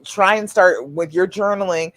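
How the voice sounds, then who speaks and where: A woman's voice: lowish voice, normal speed, a bit bright, no room sound. A woman relationship coach giving emphatic advice on a live stream, reading out viewers' questions and acting out quotes with laughs.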